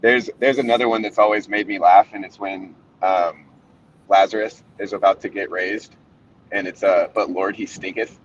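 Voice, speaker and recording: A man's voice: lowish voice, fairly even intonation, normal speed. A man in a casual group discussion, easygoing and reflective, chuckling now and then. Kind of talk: casual group video chat. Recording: distant dull mic with faint hiss.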